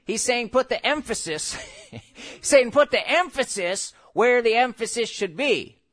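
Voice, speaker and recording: A man preaching a sermon as pastor, animated and jokey, with sudden shouts, and slowing right down when he reads scripture. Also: very high-pitched. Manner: slow, drawn-out scripture reading.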